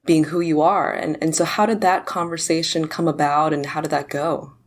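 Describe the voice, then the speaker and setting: A woman hosting a podcast interview, encouraging her guest with warm affirmations and open questions. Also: low voice, fairly even intonation, moderate pace. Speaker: podcast host.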